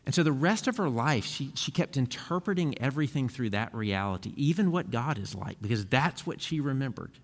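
A male pastor delivering a sermon in an earnest, conversational way, restarting phrases as he goes. His voice sits at an ordinary middle pitch. It rings with a long reverb from the church hall. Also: animated, fairly quick, few pauses.

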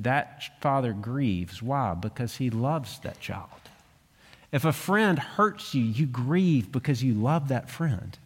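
A man preaching a sermon as pastor, earnest and expressive, climbing higher on emphasis and going soft and low for the closing prayer. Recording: long reverb of a large hall.

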